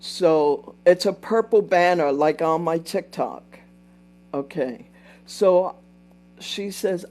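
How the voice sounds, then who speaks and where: A woman's voice: low voice, takes it slowly, darkish tone, a little hiss or hum. An older woman hosting a casual livestream, telling a story in a chatty way, repeating herself and breaking off to thank and answer viewers. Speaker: livestream host.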